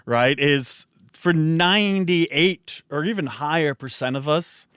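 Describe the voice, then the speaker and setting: A man with a somewhat high voice speaks on a podcast panel. The recording is dry and close. He makes wry, grumbly jokes. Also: slow pace, a bit bright, clean tone, no echo. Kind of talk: casual panel chat.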